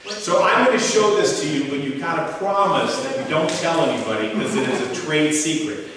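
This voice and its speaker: A man in his sixties gives a motivational talk, questioning the audience and telling stories animatedly. His voice sits a little high for a man. It comes from far off in a big, echoey hall with a long reverb tail. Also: expressive, fairly quick, fairly bright tone, a little hiss or hum. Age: 60s. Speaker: motivational speaker.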